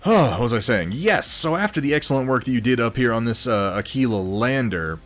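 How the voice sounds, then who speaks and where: A slightly hoarse man hosting a casual hobby livestream, reading viewer posts and chatting with mild swearing. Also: mid-range voice, lively intonation, a little fast, a bit bright, faint music behind. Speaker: host of a miniature painting stream.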